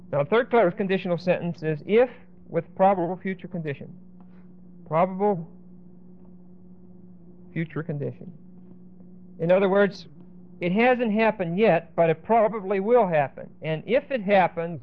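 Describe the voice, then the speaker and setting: A man's voice: sits high, lively intonation, unhurried, long pauses. A man teaching a Bible study class, explaining verses and checking in with the class as he goes. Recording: dull lo-fi recording.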